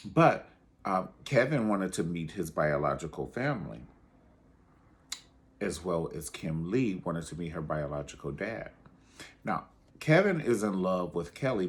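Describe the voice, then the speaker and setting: A man giving casual, dramatic commentary on a reality show, sassy and calling the listener honey. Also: sits low. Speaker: reality TV reviewer.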